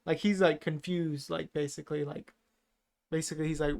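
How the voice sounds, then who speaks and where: A man's voice: fairly high pitch, little pitch movement, a little fast, gravelly, darkish tone. A man co-hosting a podcast, rambling through a casual film recap with lots of fillers and swearing. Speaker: podcast co-host.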